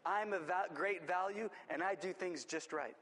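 A showy golden vessel voiced by a man pushes itself forward with a raised, bright-sounding voice. It boasts without pause, sure it is the best choice on the shelf. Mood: boastful. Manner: eager, self-praising pitch.

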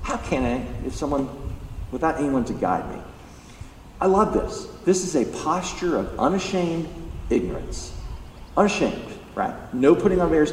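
A pastor preaching a sermon, emphatic and animated, acting out the lines he quotes. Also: mid-range voice, normal speed. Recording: echoey hall, distant mic, faint background noise.

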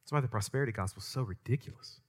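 A man preaching a sermon as pastor, emphatic and conversational, swinging from loud stressed points to quiet asides. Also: medium pitch, rapid-fire. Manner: conversational with asides and light humor.

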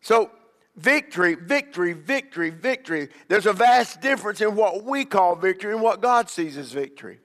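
A man's voice: high-pitched, lively intonation, fairly quick, hardly any pauses, big-room sound. A man preaching as a bishop, emphatic, with call-and-response and repeated questions to the congregation. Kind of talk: sermon.

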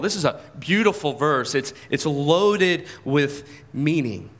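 Into a handheld or stand mic, a pastor with a fairly bright, high-leaning voice delivers his church sermon at a moderate pace, hardly pausing. His style is conversational, full of questions for the congregation and frequent repetition of his first words.

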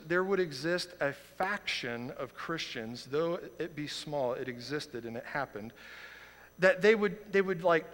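Male pastor, 30s, high bright voice, fiery sermon delivery, big church hall echo. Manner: impassioned, swings from quiet to loud outrage. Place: church sanctuary. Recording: long reverb of a large hall.

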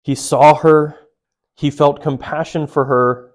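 A man's voice: mid-range voice, level tone, a little slow. A man preaching a sermon, earnest and direct, putting questions straight to his listeners. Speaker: pastor.

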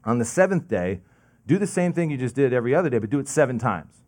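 A young man preaching in a loose, conversational way. He fills his talk with "like" and restarts, and he drops jokey asides as he goes. His voice sits at a middle pitch. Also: big pitch swings, quick pace, a little mellow. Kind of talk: casual sermon.

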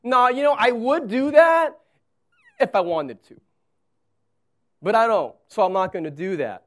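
A preacher acting out a whiny reluctant prophet. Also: male voice, high voice, lively intonation, unhurried, fairly bright tone, voice pushed up. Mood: protesting. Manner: pleading, exasperated. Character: reluctant grown male prophet, full of excuses.

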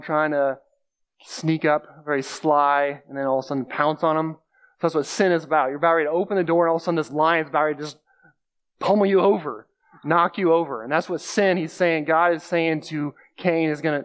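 Guy giving a chatty sermon, voice a bit on the high side, repeats stuff to drive it home. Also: a little fast. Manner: explains scripture plainly, repeats phrases, uses everyday examples. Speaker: preacher. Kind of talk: conversational sermon.

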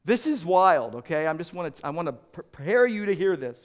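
Middle-aged male pastor, high voice, dynamic sermon delivery with loud and soft swings. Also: very animated, brisk. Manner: dynamic preaching, swings from loud emphasis to quiet.

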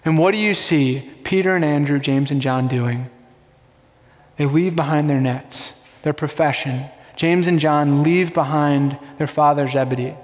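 A man's voice: fairly high pitch, measured pace, long reverb tail. A male pastor preaching a sermon in a conversational way, often asking the congregation rhetorical questions.

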